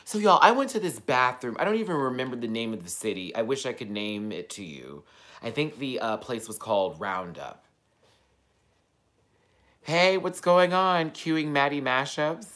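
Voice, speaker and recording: A young man vlogging casually, telling an animated story and acting out his family's lines. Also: fairly low pitch, fairly quick. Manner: animated, mimics family voices, laughs often.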